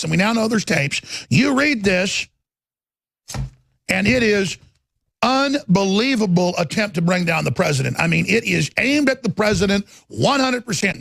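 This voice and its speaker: A man hosting a political talk show, ranting angrily and swinging into shouts. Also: high voice, creaky, no echo. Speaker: host. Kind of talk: heated political commentary.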